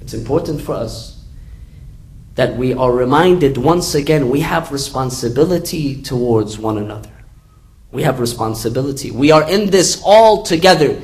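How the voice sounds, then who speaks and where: A man preaching earnestly and telling a fable, repeating his key phrases and rising in pitch for emphasis. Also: low-quality recording. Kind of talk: sermon with a told fable.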